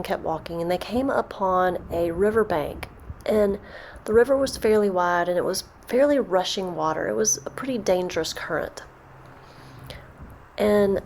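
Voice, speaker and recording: A woman as a meditation guide, telling a storytelling meditation in a soft, slow, repetitive way. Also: mid-range voice, a little hiss or hum.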